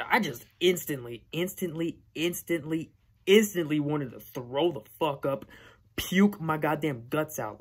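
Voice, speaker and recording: Hombre joven despotricando. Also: male voice, mid-range voice. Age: young adult. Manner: profane, blunt, repetitive. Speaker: vlogger. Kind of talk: casual rant to camera.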